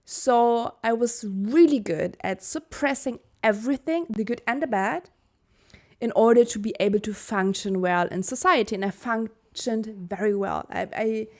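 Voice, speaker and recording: A woman's voice: on the high side, moderate pace. A young woman from Germany explaining a personal-growth topic in a video lesson, earnest and candid, correcting her own slips with a laugh. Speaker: Human Design teacher.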